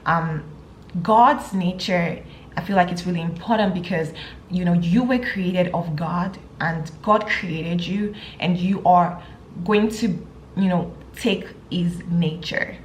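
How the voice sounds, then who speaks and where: A woman's voice: fairly low pitch, slow pace, echoey room. Woman reading bible verses then explaining, lots of um and you know, slight hiss behind. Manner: hesitant, many fillers and restarts. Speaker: Bible teacher. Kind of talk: reading scripture and teaching.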